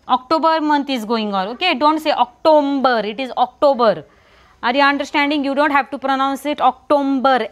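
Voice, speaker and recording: A woman teaching a children's lesson, repeating words slowly and asking and answering her own questions. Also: high voice, a bit bright. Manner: repetitive, asks and answers her own questions, stresses pronunciation. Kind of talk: online English lesson for young children.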